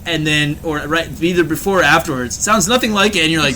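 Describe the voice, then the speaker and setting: A man's voice: a little high, fast, hardly any pauses, pushed and bright, slight background noise. A man in his forties hosting a casual comedy podcast, rambling and laughing often. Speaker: podcast host.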